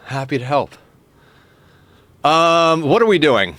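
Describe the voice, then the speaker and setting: Taking it slowly, a man with a fairly bright voice on the high side chats very animatedly with viewers while streaming a game, in a dry recording. He thanks them and reads their messages, full of laughs and filler words.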